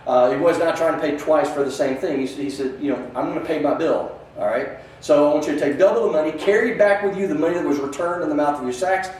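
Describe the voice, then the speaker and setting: A man's voice: a little high, quick pace, a little mellow, slight background noise. A man teaching a church Bible class in a conversational way, often restarting his sentences and reading scripture aloud. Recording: echoey room from a distance.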